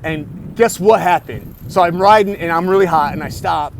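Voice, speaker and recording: A man tells a loose, cursing story straight into his phone while out riding a bike. His voice sits slightly high, and he keeps circling back over his own sentences. Street and vehicle noise runs clearly underneath. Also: moderate pace. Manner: rambling, profane, self-talk with restarts. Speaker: vlogger. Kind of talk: casual storytelling vlog. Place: outdoors in a city on a bike ride. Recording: outdoor city noise behind.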